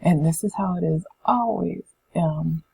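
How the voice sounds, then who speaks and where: A woman teaching a beginner Spanish lesson, patiently saying words and pausing so students can repeat them. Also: fairly low pitch, vocal fry, mellow, husky, rough recording. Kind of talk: classroom language lesson.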